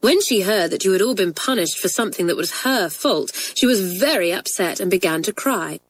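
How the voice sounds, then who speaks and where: Woman reading a kind but firm schoolteacher, measured, talking to her class in a storybook. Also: mid-range voice, expressive, close to an everyday voice, rough recording. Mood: explaining. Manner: measured, warm-humoured teacher's tone.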